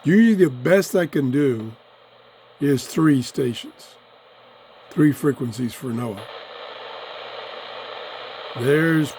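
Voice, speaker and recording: A man with a voice going hoarse, chatting excitedly as he tries out a small radio in his home office. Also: mid-range voice, takes it slowly, long pauses. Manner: chatty, easily excited, talks while fiddling. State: losing his voice, throat-clearing. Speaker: radio reviewer. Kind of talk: casual hands-on product review. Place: home office full of electronics.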